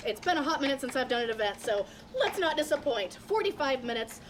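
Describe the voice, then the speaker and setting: A woman's voice: sits high, big pitch swings, a little fast, noisy background. A woman narrating her eating challenge to camera in an upbeat, chatty way, describing the food. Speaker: competitive eater.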